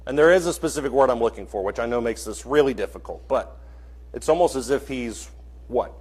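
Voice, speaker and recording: A man with a husky, slightly rough voice teaches a church Bible class, posing questions to the room and calling on people to answer. His delivery is conversational and mid-pitched. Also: animated, a little fast, darkish tone. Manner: asks the class questions and calls on students.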